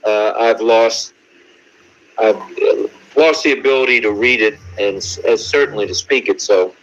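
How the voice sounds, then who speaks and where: Hesitant man on dull lo-fi audio. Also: lowish voice. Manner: measured, hesitant. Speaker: participant. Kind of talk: casual group call chat.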